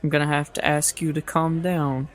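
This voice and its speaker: A man voicing a charming human paladin knight who speaks smoothly and politely. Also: on the high side, level tone, normal speed, some chatter behind, close to an everyday voice. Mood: firm.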